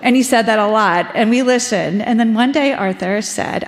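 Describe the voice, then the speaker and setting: A woman's voice: mid-range voice, moderate pace, few pauses. A woman in her forties from Ohio giving a personal testimony in a church service, conversational and reflective with frequent ums. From Ohio, USA. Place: church sanctuary. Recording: echoey church hall with long reverb.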